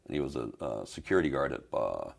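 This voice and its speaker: An older man with an extremely low voice and a gravelly rasp. He is a fitness trainer telling a story on a podcast, rambling along with fillers and restarts. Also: expressive, quick pace. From Spain. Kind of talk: storytelling in an interview.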